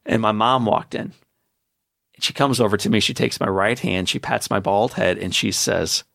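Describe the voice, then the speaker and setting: A man in his forties speaks as a podcast guest, driving each point home with emphatic, preacher-like energy. His voice sits a little low and has a gravelly edge. The sound is dry and close. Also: moderate pace, fairly bright tone, no room sound. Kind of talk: motivational storytelling.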